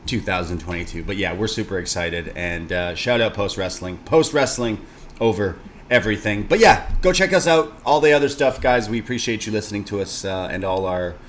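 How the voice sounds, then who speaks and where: A man's voice: fairly low pitch, animated, brisk, a little hiss or hum. Hyped joking guy cohosting a wrestling podcast, rambles a lot. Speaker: co-host.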